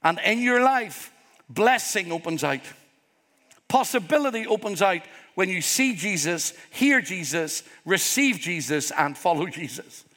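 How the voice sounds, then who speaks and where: A Northern Irish man, a pastor, preaches a sermon to a congregation in a church hall, earnest and emphatic, building up repeated phrases. His voice is high-pitched and sing-song with a sharp tone, and he speaks a little slowly. The recording carries a long hall reverb.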